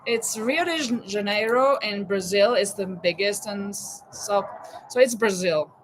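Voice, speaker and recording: A woman's voice: medium pitch, unhurried, slight background noise, low-quality recording. A woman in her fifties hosting a live chat and quiz, laughing often and exclaiming "oh my goodness.". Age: 50s. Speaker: livestream host running a quiz.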